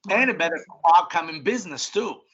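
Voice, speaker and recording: Blunt, bright-voiced middle-aged man. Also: a little high, expressive, brisk. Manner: blunt, emphatic, with frequent restarts and colloquial swearing. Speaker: restaurant group CEO, interview guest. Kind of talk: casual interview answers. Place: home office. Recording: dull lo-fi sound.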